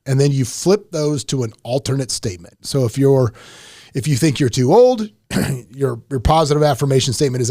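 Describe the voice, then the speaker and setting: A man hosting a podcast and coaching, telling stories in a lively way and tripping over his words. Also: medium pitch, a little fast, no echo, studio quality. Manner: animated storyteller, trips over his words. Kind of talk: casual podcast chat.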